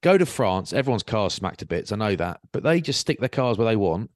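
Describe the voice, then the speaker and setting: With a fairly low pitch and a fairly quick delivery, a man co-hosting a casual podcast tells animated stories and voices the people in them. The studio-quality audio has no echo, though he speaks through a video-call mic.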